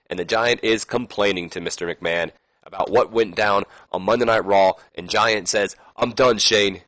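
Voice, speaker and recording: A man's voice: fairly low pitch, a bit bright, no echo, rough recording. A man giving casual, rambling commentary over a wrestling management game, reading promo lines aloud with plenty of fillers and self-corrections. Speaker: let's play commentator.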